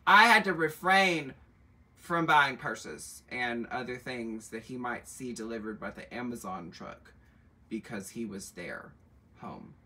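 A middle-aged man with a mid-range voice talks a little slowly as he sells luxury bags on a live stream from an indoor shop room. Campy and sassy, he reads comments, teases viewers and drops asides; his voice is picked up from a distance with a little hiss or hum.

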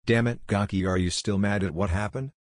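A man reading the lines of a rowdy older male sage who yells gruffly. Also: lowish voice, steady tone, brisk, dry recording, studio quality, natural voice. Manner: gruff, yelling.

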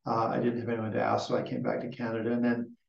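A man's voice: mid-range voice, monotone, quick pace, creaky, darkish tone. An older man, a Buddhist lama, giving a rambling dharma talk with a story, often restarting his sentences. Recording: dull, echoey room from far off.

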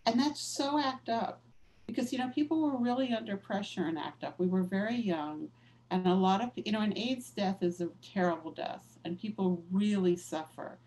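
A woman speaking as an interview guest, with a voice of middle pitch. She talks candidly and reflectively, letting stories unfold with casual fillers. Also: moderate pace, a little mellow, low-quality recording. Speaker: author and activist guest. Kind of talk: conversational interview.

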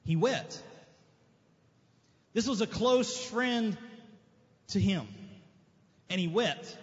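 High-voiced preaching man in reverberant church. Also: lively intonation, extremely slow. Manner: earnest, repeats phrases, rhetorical questions. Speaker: pastor. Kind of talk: sermon with scripture reading. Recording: dull lo-fi church recording with long reverb.

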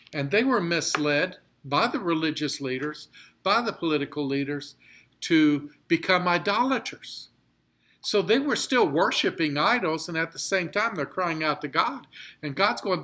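A pastor teaching a Bible study, reading scripture slowly and explaining it with emphatic repetition. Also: male voice, fairly high pitch, sharp tone.

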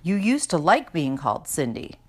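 Woman reader playing a fidgety kid boy; high, eager, storybook. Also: big pitch swings, moderate pace, breathy edge, full character voice. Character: fidgety, jokey young boy.

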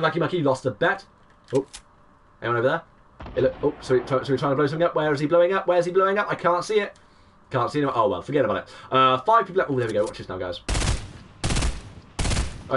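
A young man, giving excitable play-by-play commentary on his live game stream and greeting chat viewers. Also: fairly high pitch, far from the mic, slight background noise. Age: 20s.

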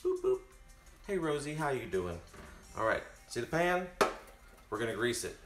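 A man's voice: mid-range voice, sing-song, normal speed, roomy sound, over loud music. A man chatting to his viewers while cooking live in his home kitchen. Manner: chatty, talks straight to viewers. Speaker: cooking stream host. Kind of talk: casual live cooking stream.

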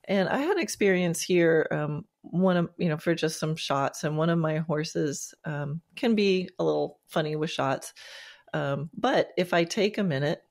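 A woman's voice: sits low, moderate pace, gravelly, a little mellow. A woman hosting a podcast interview, talking in an enthusiastic, casual way with many fillers and restarts. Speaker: podcast host.

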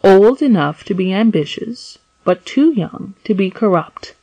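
A woman reading the part of a shrewd elderly male priest in prison, asking calm, probing questions in a measured way. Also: mid-range voice, no room sound, low-quality recording. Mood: questioning.

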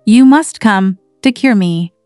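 A woman's voice: medium pitch, lively intonation, takes it slowly, a little mellow, no room sound, soft background music. A woman reading the part of a sickly, petulant teenage boy in a storybook reading. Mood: peevish. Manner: petulant and complaining.

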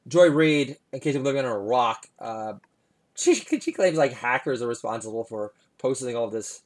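A man's voice: medium pitch, normal speed. A male comedian delivering a sarcastic, rambling comedy monologue full of asides.

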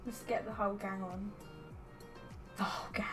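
A woman's voice: medium pitch, little pitch movement, normal speed, music in the background. A woman chatting casually on a game live stream, bubbly and giggly, talking into a headset at home. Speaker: streamer host. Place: home setup, headset mic.

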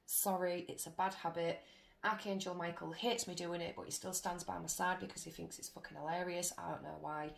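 A woman's voice: fairly low pitch, level tone, a little fast, gravelly. A woman giving a casual tarot reading to her viewers, chatty and blunt, swearing freely as she goes. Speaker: tarot reader. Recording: echoey room with faint noise.

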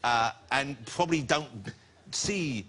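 A man's voice: medium pitch, slow. A man hosting a talk show, asking playful, faux-naive questions and joking at his own expense. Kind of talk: comic chat show interview. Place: television studio with live audience. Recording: studio audience laughter and noise.

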